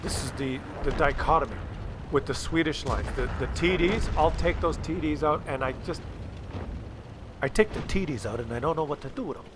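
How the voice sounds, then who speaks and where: A man hosting his own gaming video, talking through gameplay in a rambling, jokey and excitable way. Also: a little high, a little fast, noisy background. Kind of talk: casual gameplay commentary.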